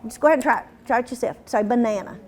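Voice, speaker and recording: A woman leads a teacher training workshop. She quizzes the room and stretches demo words out slowly. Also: a little high, darkish tone, slight background noise.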